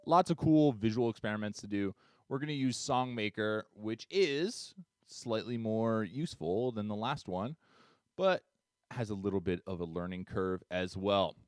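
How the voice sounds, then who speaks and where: Man, low voice, dry close sound, chatty music teacher, counts beats aloud. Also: no room sound. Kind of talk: screen-share tutorial.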